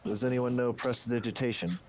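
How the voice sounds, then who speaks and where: A man's voice: mid-range voice, little pitch movement, fairly quick, darkish tone, slight background noise. A man playing a tabletop game, chatting casually and asking hesitant questions. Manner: hesitant, many uhs while asking questions. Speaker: player. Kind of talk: casual tabletop play chat.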